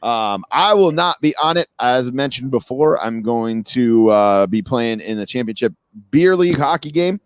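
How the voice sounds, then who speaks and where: A man co-hosting a podcast, talking casually and joking in quick asides, with a light western Massachusetts accent. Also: mid-range voice, animated, clean tone, no room sound. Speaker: podcast co-host. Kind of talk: casual chat.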